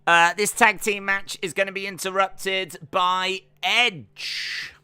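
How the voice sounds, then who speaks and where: A man's voice: sits high, level tone, slow, bright, forceful tone, smooth, dry recording. A man hosting a wrestling watch-along stream, chatting and musing aloud as he reacts. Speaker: stream host.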